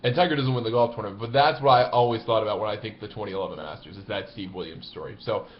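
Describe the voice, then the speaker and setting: A man telling a story in a casual, animated, conversational way, sometimes laughing as he talks. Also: on the low side, very fast, muffled recording. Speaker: golf blogger.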